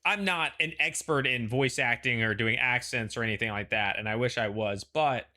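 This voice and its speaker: A man chatting casually as host of a panel show. His voice is bright and forceful at an ordinary, mid-range pitch. He rambles, restarts his sentences and leans on "like" and "you know.". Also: moderate pace.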